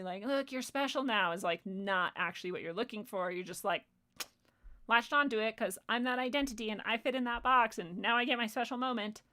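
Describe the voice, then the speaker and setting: A woman's voice: medium pitch, a bit bright. A young adult woman hosting her own show, ranting bluntly with constant swearing and mocking voices for the people she quotes. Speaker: podcast host. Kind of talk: profane solo rant.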